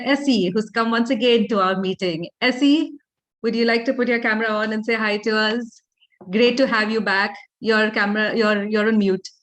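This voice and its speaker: A woman hosting an online club meeting over a video call, chatty and welcoming as she greets people. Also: a little high. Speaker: meeting host.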